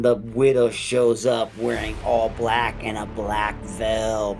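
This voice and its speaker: A man with a gravelly, creaky voice walks through a horror episode at a slow, unhurried pace. His casual storytelling is peppered with swearing. Faint music sits underneath. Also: lowish voice. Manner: profane, animated storyteller. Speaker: horror review host.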